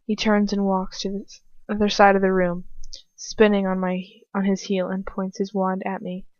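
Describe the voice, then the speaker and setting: A woman's voice: medium pitch, monotone, moderate pace, a little mellow, no room sound, lo-fi sound. A woman reading first-person fan fiction aloud in an unpolished way, with slips and restarts.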